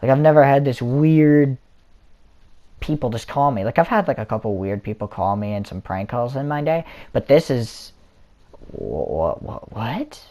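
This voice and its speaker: A man's voice: medium pitch, normal speed, dark tone. A young man casually telling a story in a vlog, rambling with lots of fillers and restarts. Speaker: vlogger. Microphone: console or headset mic.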